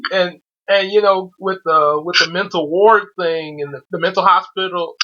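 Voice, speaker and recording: A man's voice: high-pitched, fairly even intonation, moderate pace. A man hosting a casual chat, stammering and restarting with bursts of laughter. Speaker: host. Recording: muffled lo-fi audio.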